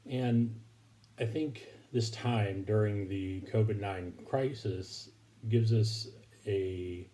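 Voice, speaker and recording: A man giving a recorded Bible lesson to his congregation, speaking haltingly with many fillers and restarts. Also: lowish voice, dark tone, slight background noise. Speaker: preacher.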